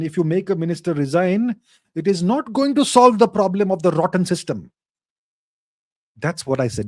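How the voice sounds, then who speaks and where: A man's voice: a little high, mellow, no room sound. Emphatic man, dry close sound. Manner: emphatic, lecturing, repeats phrases for stress. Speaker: host answering viewer questions. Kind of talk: casual live Q&A.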